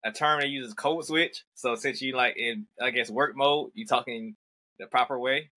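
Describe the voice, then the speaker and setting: A man's voice: medium pitch, normal speed, bright, forceful tone. A man hosting a casual interview podcast, laid-back and hesitant, with lots of fillers as he asks questions. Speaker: podcast host.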